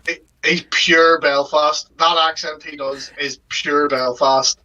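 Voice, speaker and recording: A Northern Irish man chats bluntly and laughs along with the others. His voice is bright and sharp, pitched a little high for a man. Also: fairly even intonation, slow pace, muffled recording. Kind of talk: casual podcast chat.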